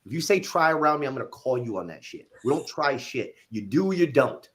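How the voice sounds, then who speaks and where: A man who owns a gym, telling a coaching story in a casual interview, animated and blunt, with some swearing. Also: medium pitch, brisk. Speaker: gym owner and fitness coach.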